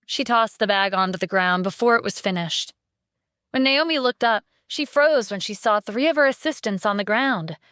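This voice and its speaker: A woman narrating a scripted audio drama with steady storytelling. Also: mid-range voice, normal speed, clean tone, dry recording, clean studio sound.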